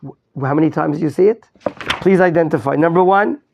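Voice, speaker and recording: A man's voice: fairly high pitch, brisk, vocal fry, dull audio, slight background noise. A male rabbi teaching a Torah class, quizzing his students, repeating his questions and mixing in Hebrew terms. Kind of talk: interactive Torah lesson.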